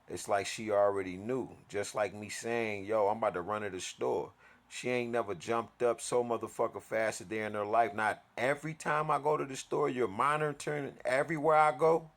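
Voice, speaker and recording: A vlogger with a fairly low, fairly bright voice rants through an aggrieved story in a profane, heated monologue, repeatedly restarting and repeating himself as he vents.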